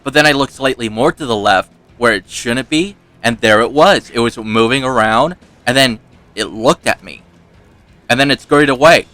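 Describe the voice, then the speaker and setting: A man's voice: mid-range voice, moderate pace, sharp tone, no echo. A man hosting a gaming video, telling a rambling, self-mocking personal story and laughing often. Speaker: gaming channel host. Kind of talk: casual storytelling over gameplay.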